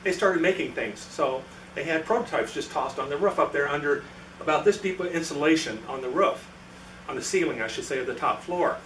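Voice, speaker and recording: A man's voice: fairly high pitch, brisk, a bit bright, a little hiss or hum. A man giving a storytelling talk to a club meeting, acting out the voices of the people in his anecdote. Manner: anecdotal, acts out quoted dialogue. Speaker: guest presenter at a club meeting. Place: meeting room. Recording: echoey room, mic from far off.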